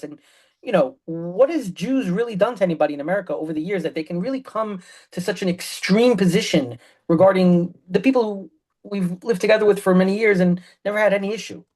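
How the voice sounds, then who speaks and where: A woman hosting a podcast interview, speaking earnestly and haltingly. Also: medium pitch, a little mellow. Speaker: podcast host.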